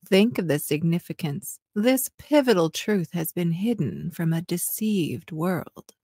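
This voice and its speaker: A woman co-hosting a podcast, reading a passage aloud in a slow, breathy, mock-sultry voice that drops into whispers and draws words out. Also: lowish voice, lively intonation, a little mellow, dry recording, clean studio sound. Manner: breaks into giggles. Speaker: podcast co-host.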